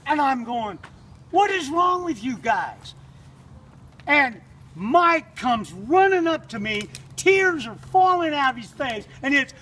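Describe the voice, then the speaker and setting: A man telling a campfire story, drawling and slow, acting out the voices of the people in his tale. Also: very high-pitched, lively intonation, a bit bright. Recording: distant mic, faint noise.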